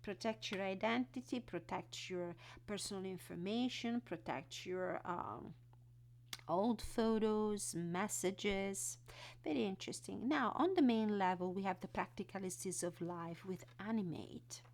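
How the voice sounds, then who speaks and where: A woman walking through an oracle card deck, reading card texts and explaining them in an unhurried way. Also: medium pitch, a little mellow. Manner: unhurried, reads card text then explains with fillers.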